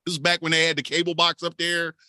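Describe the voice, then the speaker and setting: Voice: medium pitch, fast, no room sound, studio quality. A podcast co-host telling a wild story with lots of swearing. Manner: animated, profane storytelling. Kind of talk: casual storytelling.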